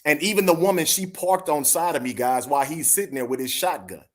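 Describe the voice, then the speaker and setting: A man's voice: a little high, expressive, brisk. A man in his forties telling a personal story in casual chat, talking earnestly and directly to his listeners. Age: 40s. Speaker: podcast co-host.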